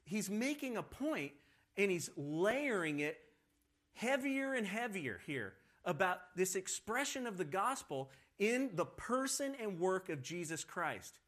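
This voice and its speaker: A man teaching a Bible study lesson in a conversational, animated way, often correcting himself as he goes. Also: high voice, measured pace.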